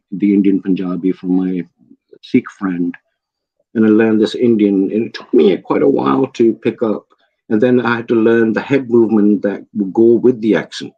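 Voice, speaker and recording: A man's voice: on the low side, steady tone, normal speed, warm tone. English man telling stories, muffled sound. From England. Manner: storytelling, repeats his words when starting. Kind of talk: casual chat.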